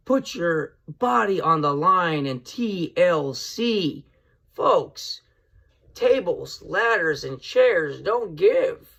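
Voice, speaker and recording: A middle-aged man hosting his own podcast, talking straight to listeners in an excitable, rambling monologue that keeps calling them folks. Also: fairly high pitch. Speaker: podcast host.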